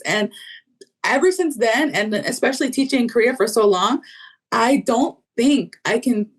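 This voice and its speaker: An American woman from the South who teaches English, talking in a casual interview with chatty fillers and lively acted-out quotes. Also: a little high, unhurried, slightly rough. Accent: neutral American, faint Southern roots. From Southern United States.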